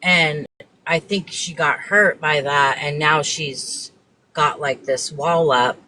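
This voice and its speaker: A guest speaking slowly and reflectively in a casual chat on a live stream. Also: mid-range voice, sharp tone, a little hiss or hum, poor audio.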